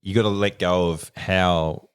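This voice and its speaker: A relaxed Australian bloke of about forty, talking loosely on a podcast and chuckling through his anecdotes. His voice sits low. The sound is close and dry, with no room around it. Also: measured pace, smooth, no room sound. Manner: laid-back, laughs through his anecdotes. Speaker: podcast co-host. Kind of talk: casual chat, storytelling.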